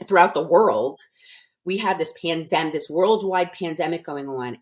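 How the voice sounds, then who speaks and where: Older female podcast guest, low-pitched, earnest and emphatic. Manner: earnest, emphatic, with frequent restarts. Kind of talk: casual podcast conversation.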